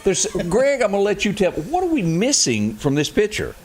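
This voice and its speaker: A man's voice: high-pitched, normal speed. A man hosting a casual talk show, folksy and chuckling as he chats. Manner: folksy and chuckling, lively delivery. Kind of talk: casual studio chat.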